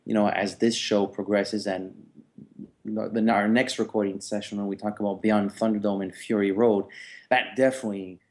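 A man's voice: on the low side, steady tone, normal speed. A man co-hosting a podcast, talking through his view on a film character thoughtfully, with frequent hesitations. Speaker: podcast co-host. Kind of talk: casual film discussion.

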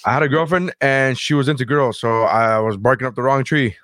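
A man's voice: medium pitch, a little fast, a bit bright, no echo. A man hosting a casual podcast chat, talking enthusiastically in long, rambling runs and swearing freely. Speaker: podcast host.

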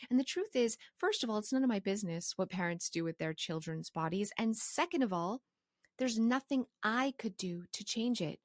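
Woman, from Canada, casual advice monologue, passionate and animated, middle pitch, dry close sound. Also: dry recording. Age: adult with a young son. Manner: passionate and animated, quick asides. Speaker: organizing course creator.

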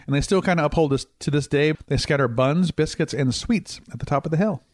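A man's voice: on the high side, brisk, no room sound, clean studio sound. A man hosting a casual podcast chat, cracking cheese puns and laughing easily as he explains a topic. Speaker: podcast host.

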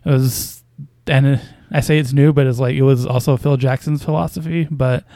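A man's voice: medium pitch, fairly even intonation, moderate pace, dark tone, dry recording. A man casually commenting on basketball news as a podcast host, with a hesitant, wry delivery full of fillers and small chuckles.

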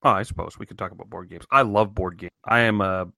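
A man's voice: on the low side, steady tone, quick pace, creaky, bright, forceful tone, dry recording. A man co-hosting a casual podcast chat, joking in a dry, sarcastic way. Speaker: podcast co-host. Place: home in Maine.

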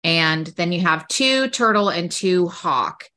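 A woman's voice: fairly low pitch, lively intonation, slow, bright, forceful tone. A woman hosting a teaching podcast over a video call, explaining a classroom game step by step in a chatty way.

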